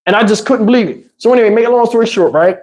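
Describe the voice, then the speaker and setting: A man's voice: high voice, rapid-fire, a little mellow. A middle-aged man telling a story in casual chat and acting out the other people's voices. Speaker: storyteller host.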